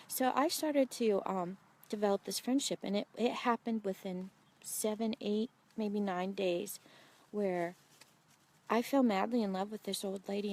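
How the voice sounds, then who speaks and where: A woman's voice: mid-range voice, unhurried. A woman in her forties telling a faith story to the viewer outdoors in the woods, earnest and heartfelt. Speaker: Christian speaker sharing a testimony. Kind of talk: devotional vlog storytelling. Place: outdoors in a wooded hideout.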